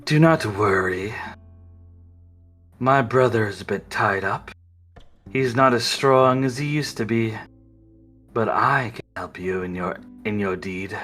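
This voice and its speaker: Guy doing a low quiet god of darkness, slow and creepy, bit of music behind. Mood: sinister.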